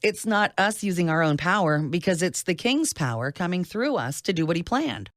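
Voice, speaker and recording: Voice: medium pitch, very animated, moderate pace, a bit bright, no echo, pitched above the performer's own voice. A narrator voicing a teenage boy who reasons things out aloud, thoughtfully, in a storybook reading. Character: earnest teenage boy puzzling something out.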